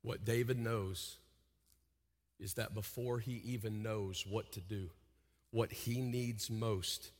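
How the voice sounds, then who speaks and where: A man preaching a sermon, dropping to hushed, intimate lows and rising to loud pleading cries. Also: fairly even intonation, takes it slowly, big-room sound. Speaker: pastor.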